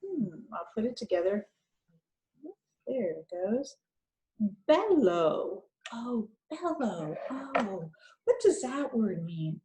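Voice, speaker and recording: A woman's voice: mid-range voice, expressive, takes it slowly, long pauses, mellow, echoey room. A woman teacher guiding young children through a reading lesson, thinking aloud in an encouraging way.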